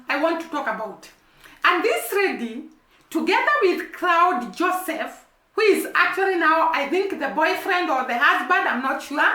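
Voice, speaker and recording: A woman's voice: extremely high pitch, pushed and bright. A woman giving casual commentary as a vlogger, earnest and repeating words for emphasis. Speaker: vlogger commenting on news and gossip. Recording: roomy echo.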